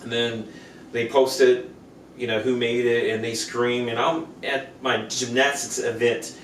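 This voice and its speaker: Guy co-hosting a podcast, lively storytelling, echoey room, kinda far from the mic. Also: medium pitch, unhurried. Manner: animated, acts out quoted voices. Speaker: podcast co-host. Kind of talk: casual storytelling chat. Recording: echoey room, distant mic, faint noise.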